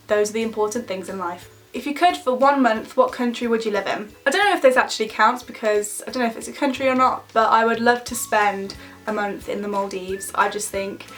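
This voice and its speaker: Brief: chatty twenties woman, Midlands English accent, fairly high voice, faint music underneath. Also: fairly bright tone. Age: 20s. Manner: chatty and bubbly, many "like" fillers. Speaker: YouTuber. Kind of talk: casual Q&A vlog chat.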